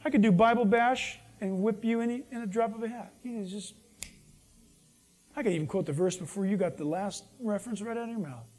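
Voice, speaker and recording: A man's voice: high voice, fairly quick, a little mellow. Casual jokey preacher guy, acts out little dialogues mid-sermon.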